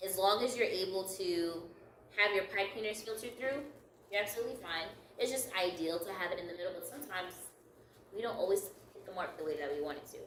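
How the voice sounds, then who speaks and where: A woman's voice: on the low side, a bit bright, roomy sound, far from the mic, a little hiss or hum, poor audio. A woman leading a step-by-step craft tutorial, upbeat and encouraging, laughing lightly at her own slips. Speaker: craft instructor.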